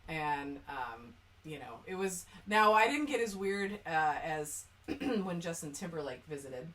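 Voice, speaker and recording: A bright-voiced woman chats and tells stories on a podcast, her pitch sitting a little low and swinging widely. She laughs often as she talks. She sounds set back from the microphone. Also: measured pace. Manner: animated storyteller, often laughing. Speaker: podcast co-host. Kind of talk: casual chat. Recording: distant mic.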